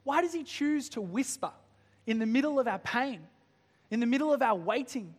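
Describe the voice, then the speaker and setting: High-voiced preacher in a reverberant church. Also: male voice, expressive, moderate pace. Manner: builds from hushed to impassioned pleading. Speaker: pastor. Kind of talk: sermon.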